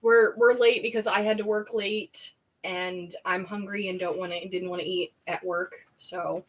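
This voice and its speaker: A woman's voice: fairly low pitch, steady tone, moderate pace. A woman co-hosting a casual live stream, talking and joking while she eats. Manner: joking, talkative. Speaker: co-host.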